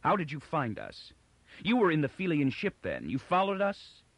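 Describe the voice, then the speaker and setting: Through a narrator's voice, a man gives a harsh, impatient young husband. His questions come sharp and pressing, with a lively pitch and dry, close sound. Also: fairly quick, no echo. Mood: angry.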